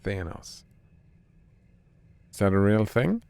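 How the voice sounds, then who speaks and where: A man streamer reading a video game's dialogue aloud in a deadpan, unhurried way. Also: lowish voice, vocal fry, clean tone, no echo.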